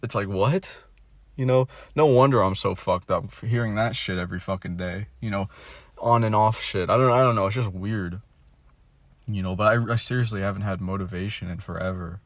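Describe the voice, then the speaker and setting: A dejected young man venting in a candid monologue, mumbling and swearing, trailing off into quiet asides. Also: a little fast, no echo. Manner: mumbling, trailing off, heavy swearing, mocks others in a high voice.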